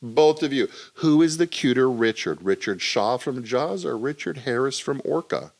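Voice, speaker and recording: Animated man telling a spooky story. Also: mid-range voice, normal speed, creaky. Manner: animated storytelling, swears freely. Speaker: podcast co-host. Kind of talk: casual chat.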